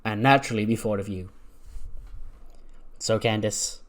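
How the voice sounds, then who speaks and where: A man's voice: fairly low pitch, unhurried, close to an everyday voice. Man voicing a sly scheming woman wrestler. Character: scheming female wrestler recruiting an ally.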